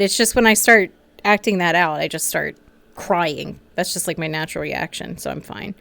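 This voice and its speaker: A woman streaming a role-play game in a VR headset, teary and sniffling, murmuring quietly as she chats between scenes. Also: lowish voice, moderate pace, creaky, dry recording. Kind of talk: casual chat between scenes. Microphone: VR headset mic.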